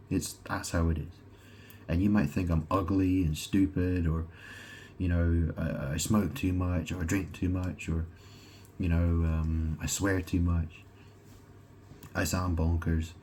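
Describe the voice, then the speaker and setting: A man with a very low, deep voice delivers a rambling, profane monologue, repeating himself and restarting his sentences. He keeps throwing rhetorical questions at the listener. Faint noise sits under the voice. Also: a little mellow. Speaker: self-proclaimed god vlogger.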